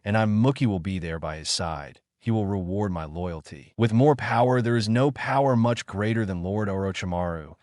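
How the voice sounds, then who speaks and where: Low-voiced, dry-recorded sneering villain ninja teacher, read by a male narrator. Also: normal speed, hardly any pauses, darkish tone, no echo, close to an everyday voice. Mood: gloating. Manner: sneering, gloating. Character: arrogant treacherous male ninja instructor, villain. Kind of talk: fan story read aloud.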